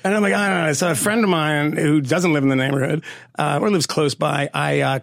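Gravelly man telling an animated story. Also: a little high, fairly quick, dry recording, studio quality. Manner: animated storytelling with laughs and profanity. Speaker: podcast co-host. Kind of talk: casual chat.

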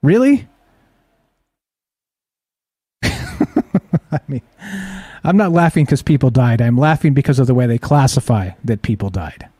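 A man's voice: mid-range voice, fairly quick, hardly any pauses, dark tone, husky, no echo, studio quality. A man hosting a live-streamed talk show, talking skeptically and rhetorically and checking in with his audience all the time. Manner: skeptical, rhetorical, keeps asking the audience "right?". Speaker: host.

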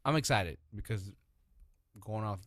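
A man co-hosting a casual chat about TV shows, animated and swearing, acting out characters as he tells the story. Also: lowish voice, unhurried, dry recording, studio quality. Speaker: podcast co-host.

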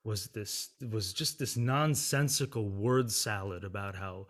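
A man's voice: on the low side, measured pace. Candid man chatting as interview guest. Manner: candid, animated, laughs often. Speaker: opera singer and music writer, guest. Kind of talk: casual interview conversation.

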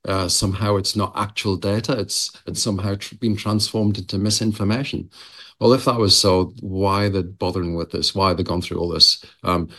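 Low-voiced earnest man. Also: fairly even intonation, a bit bright. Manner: earnest, halting, with many fillers. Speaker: guest.

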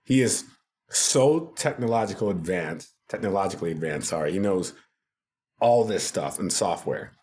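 A television producer appears as a podcast guest, telling stories in a casual, animated way and laughing often. He has a low voice and speaks at a moderate pace.

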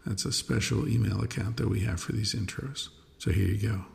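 A man hosting his own podcast, talking in a rambling, relaxed way with many fillers. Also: lowish voice, brisk, creaky, big-room sound, slight background noise. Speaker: podcast host. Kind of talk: casual podcast monologue.

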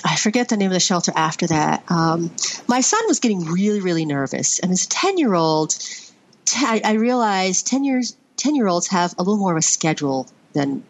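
A middle-aged woman from Vermont, a podcast guest, telling a story in a rambling, fond way with many fillers. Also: fairly low pitch. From Vermont, USA. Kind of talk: conversational storytelling.

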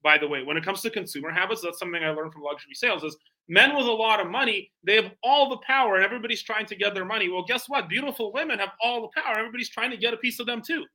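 Fast, bright-voiced man telling sales stories. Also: sits high, rough recording. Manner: energetic, animated, acts out phone calls. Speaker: guest, bespoke tailor and founder. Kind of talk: casual interview storytelling.

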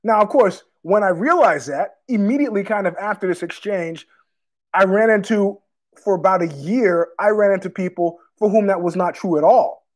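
A man's voice: high-pitched, moderate pace. A man hosting his own show, telling a street story in a casual, profane monologue and acting out the other people's lines. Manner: profane, animated, acts out street exchanges in quoted voices. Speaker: podcast host.

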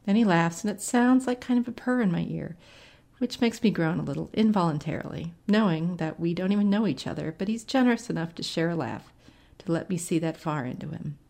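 A woman reads a first-person short story aloud in a wry, conversational way. Her voice is pitched low and has a gravelly fry running through it. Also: fairly quick, darkish tone. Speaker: story reader.

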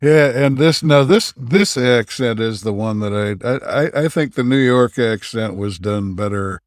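A man co-hosting a podcast chats casually, restarting his sentences and repeating words before he gets going. His voice is in a middle pitch. The recording is dry and close. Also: no echo. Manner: halting, repeats words while starting thoughts. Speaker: podcast co-host. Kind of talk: casual chat.

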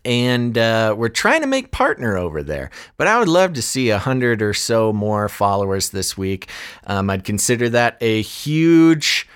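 A man co-hosting a live-streamed news talk show, chatting loosely and reading articles aloud with quick asides. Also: medium pitch, big pitch swings, a bit bright, clear, resonant tone.

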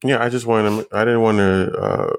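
A young man as a podcast guest in a casual chat, laid-back and halting, often repeating words. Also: fairly low pitch, steady tone, creaky, clean tone, dry recording, clean studio sound. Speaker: guest, partner of the host.

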